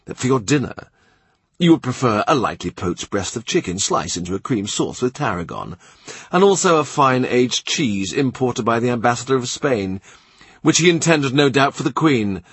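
A man's voice: mid-range voice, lively intonation, moderate pace, a bit bright, slightly rough, dry recording, pitched above the performer's own voice. A man voicing a wry, witty middle-aged court official who teases in a dry manner. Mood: wry, teasing. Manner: dry, teasing storyteller.

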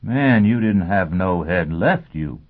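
Man voicing a curious hushed orderly, rough dialect, audiobook, tinny phone-like sound. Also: low-pitched, expressive, takes it slowly, heavily acted. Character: curious rough-spoken male ship orderly.

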